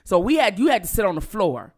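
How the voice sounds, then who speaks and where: A woman's voice: medium pitch, fast. A middle-aged woman vlogger telling a childhood story casually, cursing freely and talking straight to her viewers. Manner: profane, animated, addresses viewers directly. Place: at home.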